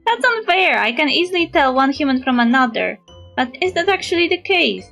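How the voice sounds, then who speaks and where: A woman streaming a game, reading its text aloud in an animated, giggly, expressive way. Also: high-pitched, fairly quick, gravelly, lo-fi sound, soft background music.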